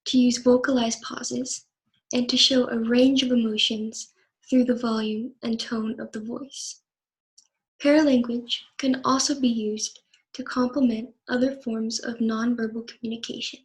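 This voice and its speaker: Young woman, student presenter; reads her class talk evenly, slightly high voice, little melody. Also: rough recording.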